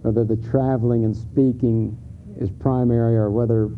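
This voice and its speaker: Speaking at a moderate pace with a medium, level voice, a middle-aged pastor preaches a sermon in a church sanctuary. His delivery is open and conversational, marked by stumbling restarts and emphatic surges. A faint hiss runs under the lo-fi, phone-like recording.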